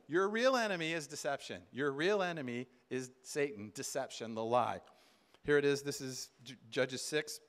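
A man giving an emphatic sermon at a conference, acting out quoted voices in bursts. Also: high voice. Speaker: conference speaker. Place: conference hall.

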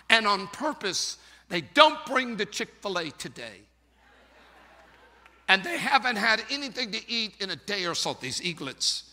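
A male pastor preaching a sermon in a storytelling way, building up to shouting. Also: sits high. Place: church sanctuary. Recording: long reverb of a large church.

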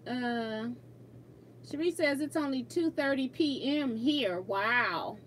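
Chatty high-voiced woman hosting a sewing stream. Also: lively intonation, takes it slowly, a little hiss or hum. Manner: chatty, laughs often, reads viewer comments aloud. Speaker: quilting livestream host. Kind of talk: casual livestream chat while sewing.

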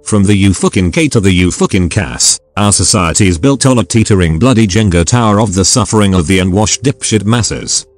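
A man's voice: on the low side, brisk, hardly any pauses, soft background music, close to an everyday voice. A synthetic male text-to-speech voice reading the lines of a drunk, masked male gang leader with a sneering, profane manner. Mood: menacing.

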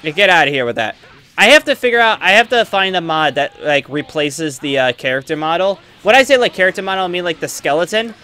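Guy rambling thru a fighting game, bright voice, lots of ums and trash talk. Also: a little high, fast, clean tone. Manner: excitable, trash-talks opponents while playing; rambling with many fillers. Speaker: gaming channel host. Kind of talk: let's play commentary.

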